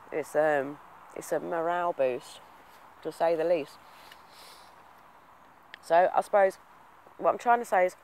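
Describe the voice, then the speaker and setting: A man's voice: high voice, vocal fry, slight background noise, rough recording. Rambling man vlogging. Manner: rambling, self-confessed waffler, many fillers; reflective and earnest. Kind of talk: casual vlog monologue.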